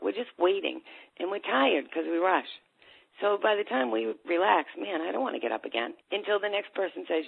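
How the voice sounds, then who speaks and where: A woman's voice: fairly low pitch, vocal fry, breathy edge, no room sound. A woman coaching people with ADHD on a call, telling a story and acting out the voices in it. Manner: storytelling, acts out voices in a lively way. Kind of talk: talk on a call. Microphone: phone or call line. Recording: tinny phone line.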